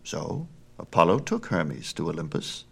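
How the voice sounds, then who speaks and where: A man reads a myth aloud with measured, expressive storytelling. His voice is very low, yet it rises and falls widely as the tale unfolds. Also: vocal fry, slightly rough. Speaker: audiobook narrator.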